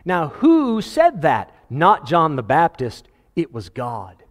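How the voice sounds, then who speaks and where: A man preaching a sermon as pastor, animated, quoting scripture and acting out voices with a chuckle now and then. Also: a little high, takes it slowly, in a large hall. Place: church sanctuary.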